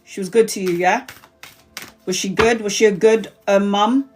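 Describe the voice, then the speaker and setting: Over faint background music, a woman does a live-stream tarot reading in a mid-range, darkish voice with fairly even intonation and a moderate pace. She's chatty and blunt, swears freely, and calls her viewers honey and sweetheart.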